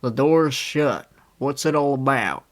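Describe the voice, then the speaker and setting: A man reading an audiobook, voicing a calm, terse bearded American man with a revolver. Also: medium pitch, slow.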